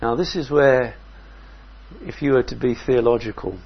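A man preaching a sermon in a measured, reflective way, often asking his listeners questions. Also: medium pitch, fairly even intonation, husky, muffled recording.

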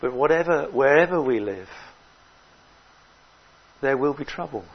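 A man preaching a sermon in an earnest way, rising loud on key words and dropping low between them. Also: expressive, a little slow, breathy edge, highs cut off.

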